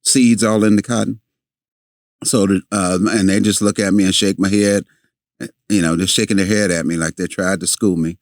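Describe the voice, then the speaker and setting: An older man, a podcast guest, telling a long story in a halting way with many fillers and restarts. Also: deep voice, steady tone, dry recording, clean studio sound.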